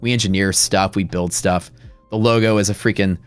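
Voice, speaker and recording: Man, middle-aged, trading-stream host; low voice, blunt and profane, rambles, dry sound, faint music behind. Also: steady tone, normal speed, clean tone, no echo. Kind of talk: casual storytelling while trading live.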